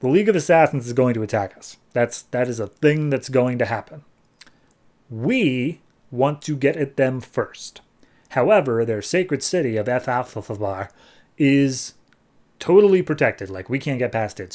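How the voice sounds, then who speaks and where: A man voicing a male villain leader who pitches a deal in a casual, offhand way. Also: animated, unhurried, a little mellow, natural voice.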